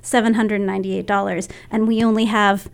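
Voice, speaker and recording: A woman's voice: mid-range voice, flat delivery, fairly quick, gravelly, smooth. A woman on a local radio talk show, a cultural council member explaining figures step by step and laughing easily.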